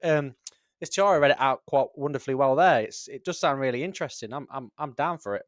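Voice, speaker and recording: A man's voice: mid-range voice, quick pace, no echo, studio quality. Upbeat agreeable man co-host. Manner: brief agreeable replies, upbeat. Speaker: podcast co-host. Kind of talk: casual chat.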